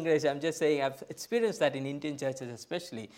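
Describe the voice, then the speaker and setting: A middle-aged man, a pastor, preaching a sermon in a church, emphatic, swinging from loud bursts to quiet asides. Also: fairly high pitch, normal speed. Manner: emphatic, rising to loud bursts then dropping soft.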